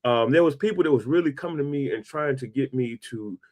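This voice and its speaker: A man's voice: mid-range voice, a little fast, a little mellow. Man in his forties, podcast host, casual storytelling, slangy, says bro a lot. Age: 40s. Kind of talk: casual interview conversation.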